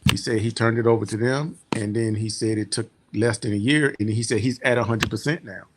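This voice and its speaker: A military veteran giving a rambling, heartfelt client testimonial that often trails off quietly. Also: male voice, lowish voice, fairly even intonation, a little fast, background noise. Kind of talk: personal testimonial storytelling.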